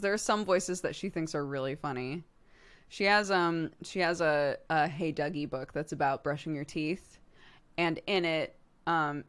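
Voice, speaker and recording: A woman streamer chatting casually with viewers, laughing easily and swearing now and then. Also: deep voice. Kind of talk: casual chat answering viewer questions.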